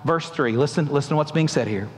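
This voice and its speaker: A man's voice: a little high, fast talker. A male pastor preaching a sermon, asking the congregation emphatic questions and acting out the voices in a story. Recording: long hall reverb.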